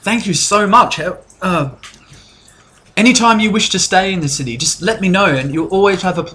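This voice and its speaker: A man's voice: sits high, moderate pace, sharp tone, voice pushed up. A man voicing a flustered, grateful half-elf woman who runs an inn, gushing in a raised voice.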